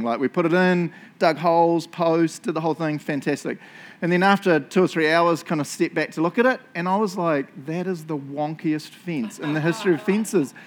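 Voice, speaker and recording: A middle-aged man with a New Zealand accent, preaching a sermon in a casual, self-mocking storytelling way. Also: fairly high pitch. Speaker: pastor.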